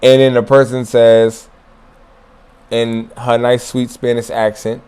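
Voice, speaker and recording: Here a man speaks slowly in a level, mid-range voice that comes across a little mellow and smooth. Hosting his martial arts channel, he chats casually and profanely to his viewers alone, laughing softly and hammering points home through repetition.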